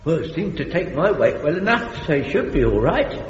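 An actor playing an eager, muddled elderly man in a radio comedy, with a high, reedy, excitable voice. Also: fairly quick, slight background noise. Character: elderly eager male butcher, muddled and fussy. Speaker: comedy character. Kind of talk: 1970s radio sitcom acting. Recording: roomy lo-fi studio recording with audience.

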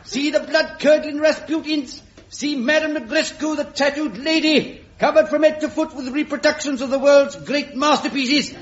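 A man's voice: extremely high pitch, normal speed. A man voicing a showy circus barker who calls out to crowds, in a radio comedy. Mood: hawking. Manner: showy, bellowing announcer. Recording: roomy, dull old radio recording.

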